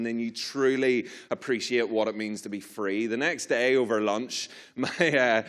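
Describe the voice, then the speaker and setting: A young Northern Irish man preaching in a storytelling way. He is animated and self-mocking, and his voice jumps up and down as he acts out the story. The tone sits at a middle pitch for a man. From Northern Ireland. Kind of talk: storytelling sermon.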